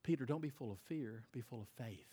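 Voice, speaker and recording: A male pastor preaching a sermon on a stage mic, swinging between loud emphatic bursts and quiet, intense lines. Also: medium pitch, fairly quick, slightly rough.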